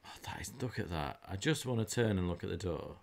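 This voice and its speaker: A man's voice: sits low, lively intonation, fast, creaky. A man, streaming a video game and chatting in a joking way. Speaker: gaming streamer. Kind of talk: casual game commentary.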